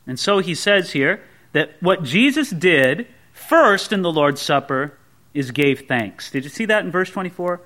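A man's voice: fairly high pitch, animated, measured pace, pushed and bright. A man preaching a casual, joking verse-by-verse sermon as a pastor. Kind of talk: expository sermon.

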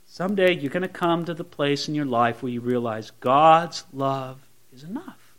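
Man preaching a sermon, high voice, very animated pitch, drops to quiet asides then lifts to emphatic lines. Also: normal speed. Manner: expressive preaching, swinging between soft low asides and raised emphatic lines. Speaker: pastor.

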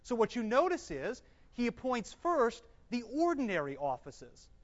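In a dull, echoey hall recording, a Bible teacher with a medium-pitched voice and huge pitch swings teaches a live group. He slowly reads scripture aloud, explains it, and asks the room questions he answers himself.

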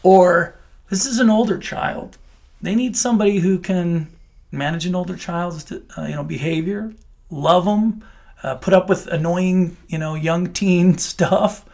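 Earnest man with a gravelly voice. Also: high-pitched, unhurried, a little mellow. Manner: earnest, heartfelt, with many restarts. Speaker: child welfare official. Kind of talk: radio interview answers.

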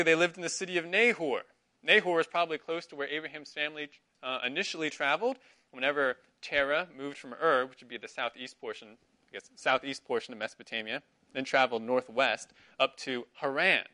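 A man's voice: mid-range voice, fast, sharp tone. A middle-aged man teaching a Sunday school class, asking his students questions and affirming their answers. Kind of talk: interactive Bible class.

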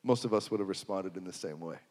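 A man preaching a sermon, swinging from hushed to loud and repeating phrases for emphasis. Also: low-pitched, quick pace. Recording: long hall reverb.

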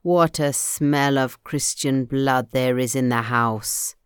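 Lady doing a gruff booming storybook giant, low and rumbly. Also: steady tone, takes it slowly, no room sound, clean studio sound. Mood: suspicious. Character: roaring heartless male giant.

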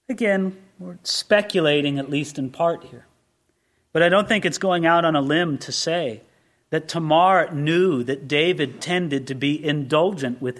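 A man preaching a sermon as pastor, animated and full of rhetorical questions, swelling to emphatic peaks. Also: a little high. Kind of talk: expository sermon.

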